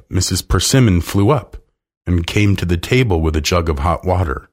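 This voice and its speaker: A man reading a children's storybook aloud slowly and expressively. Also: deep voice, lively intonation. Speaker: narrator.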